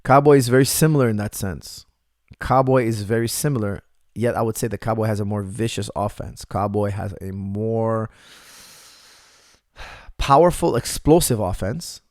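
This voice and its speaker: A man's voice: lowish voice, normal speed, a little mellow, dry recording. Dry-sounding man coaching through live Q&A. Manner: conversational, repeats points for emphasis. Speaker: MMA coach answering viewer questions. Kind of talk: casual live Q&A chat.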